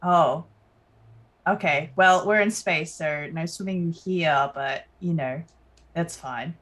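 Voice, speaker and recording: A woman's voice: sits low, slow, fairly bright tone. A woman playing a tabletop game, giving short agreeing replies and plans. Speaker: player.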